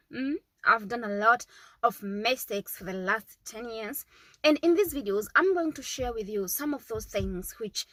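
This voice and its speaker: A woman's voice: medium pitch, bright, forceful tone, no echo, rough recording. A woman in her thirties giving earnest, repetitive parenting advice to camera, often checking in with "okay?". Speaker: parenting vlogger, mother. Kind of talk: casual advice talk to camera.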